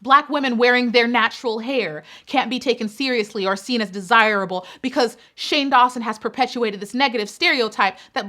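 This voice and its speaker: A woman's voice: a little high, sharp tone. A woman hosting a commentary channel, delivering an impassioned, indignant rant with building emphasis.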